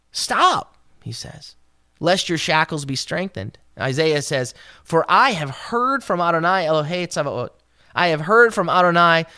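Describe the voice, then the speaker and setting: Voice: no room sound, studio quality. A Bible teacher giving a devotional talk, who explains Hebrew words along the way and lifts the voice to act out scripture quotes. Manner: expressive, voices scripture quotes with raised pitch.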